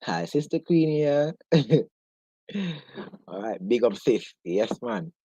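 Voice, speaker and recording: A man's voice: on the low side, very animated, slow, dark tone, no room sound, low-quality recording. A man hosting a casual live stream chat, teasing his guest and laughing often.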